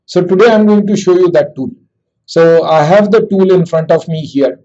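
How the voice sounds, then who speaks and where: A man with an Indian accent, fairly high-pitched but mellow in tone, explains a software tool step by step. He talks in a steady, explanatory way, often starting with "so" and pausing on "uh". The recording sounds dull and lo-fi. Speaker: tech presenter. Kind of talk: software demo walkthrough. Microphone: headset.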